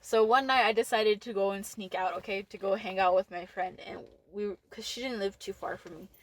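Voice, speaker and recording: A young Texan woman co-hosts a casual podcast, swapping stories with plenty of laughter and free swearing. Her medium-pitched voice holds a steady tone and moves a little fast.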